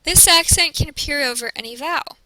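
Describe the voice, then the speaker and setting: A woman teacher narrates a recorded lesson with a high, clear, bright voice. She speaks slowly and carefully and models each pronunciation. The recording is dry and close, with no room sound. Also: dry recording, poor audio. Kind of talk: recorded classroom presentation.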